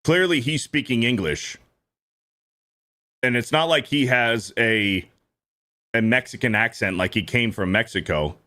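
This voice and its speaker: A man's voice: medium pitch, measured pace, long pauses, pushed and bright. A man hosting a stream, giving casual reaction commentary in a blunt, profane, repetitive way. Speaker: streamer host.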